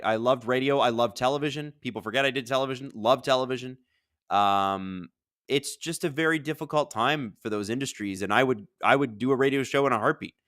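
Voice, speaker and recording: A man's voice: on the low side, clean tone, no echo, studio quality. A man hosting a live hockey watch-along, chatting casually and reading viewer questions aloud. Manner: energetic, rambling, reads chat questions aloud. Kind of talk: casual live-stream chat and game commentary.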